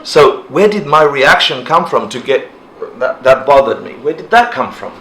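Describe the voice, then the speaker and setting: A man teaching a relaxed class, talking casually, laughing often and acting out people's reactions. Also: medium pitch, moderate pace. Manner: animated, laughs often, acts out quoted reactions. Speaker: dharma teacher. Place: indoor class room. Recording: roomy echo, faint ambient noise.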